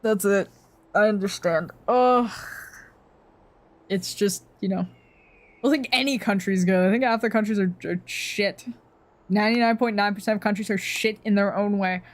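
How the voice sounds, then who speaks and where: A woman's voice: medium pitch, normal speed, long pauses. A young woman streamer chatting casually, ranting in a rambling, profane way with frequent laughs.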